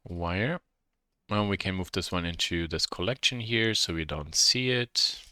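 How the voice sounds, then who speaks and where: A man with a German accent teaching a software modeling lesson, thinking aloud and correcting himself as he works. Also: low-pitched, unhurried, smooth, no room sound, studio quality. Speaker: instructor.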